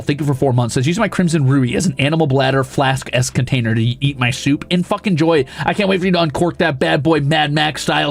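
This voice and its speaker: This young streamer host has a voice on the high side with some vocal fry. On his casual stream he reads out viewers' messages and rants at them, swearing in playful exasperation.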